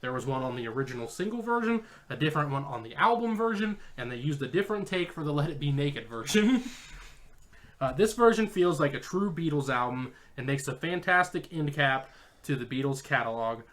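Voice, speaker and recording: A man's voice: fairly high pitch, lively intonation, a bit bright. A man co-hosting a casual podcast, reading his notes on an album and joking with friends while chewing an apple. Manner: joking, profane, reads notes quickly. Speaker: podcast co-host. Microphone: home podcast mic, eating apple.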